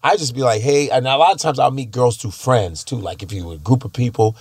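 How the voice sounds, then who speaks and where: Easygoing male host, rambling delivery, mid pitch, dry sound. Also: a little fast, a little mellow, slightly rough, dry recording. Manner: rambling, laughs easily, self-correcting. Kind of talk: casual chat.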